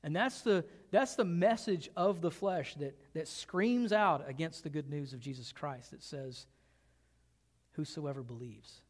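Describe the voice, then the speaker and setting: A man with a fairly high voice preaches a sermon. He asks his listeners rhetorical questions and leans hard into his key words. His voice rings out with a long reverb, as in a large church hall. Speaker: pastor.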